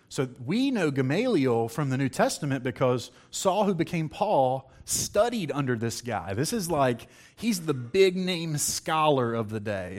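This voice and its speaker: A man preaching a sermon to a congregation, reading scripture aloud and acting out the quotes in a lively, conversational way, with questions to his audience. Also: medium pitch.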